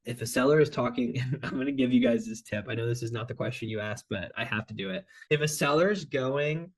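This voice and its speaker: A man's voice: medium pitch, very animated, fairly quick, gravelly. A man who is a sales closing expert, chatting as a podcast guest, direct and joking, acting out short phone exchanges as he talks. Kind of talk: casual podcast chat.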